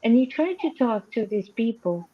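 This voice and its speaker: A woman's voice: fairly high pitch, normal speed, highs cut off, noisy background. A woman with a non-native English accent, hosting a casual live chat and acting out the calls she tells about. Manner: animated storyteller, acts out quoted dialogue. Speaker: livestream host.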